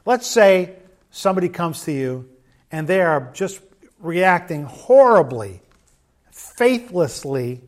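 A middle-aged man preaching a sermon in a measured, earnest way, often acting out quoted remarks. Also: a little high. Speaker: pastor.

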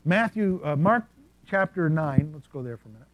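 A male preacher with a slightly higher voice than most men, telling stories from the pulpit. His delivery is animated, dropping to quiet asides and then rising into loud bursts. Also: normal speed, dry recording, narrow, tinny audio. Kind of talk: sermon storytelling.

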